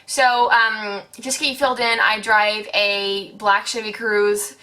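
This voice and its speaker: Bright-voiced chatty teen woman. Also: mid-range voice, a little slow. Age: late teens. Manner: chatty, heavy use of "like", animated retelling. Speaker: vlogger. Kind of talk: casual storytime vlog.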